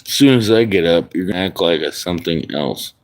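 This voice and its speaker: A man's voice: deep voice, brisk, poor audio. A man livestreaming casually, rambling and joking crudely while talking to his cat.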